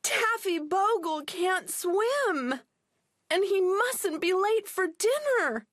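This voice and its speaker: Storybook little girls, woman reader doing them: high, urgent, begging for help. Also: sing-song, a little slow, husky, no echo, studio quality, heavily acted. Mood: pleading. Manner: high, pleading, urgent cries. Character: two small girls, eager and anxious.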